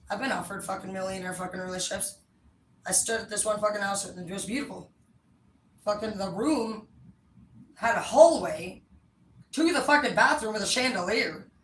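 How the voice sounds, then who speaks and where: A woman's voice: mid-range voice, fairly bright tone, slight background noise. A woman telling a long story in a blunt, rambling, profane casual chat. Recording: echoey room, mic at a distance.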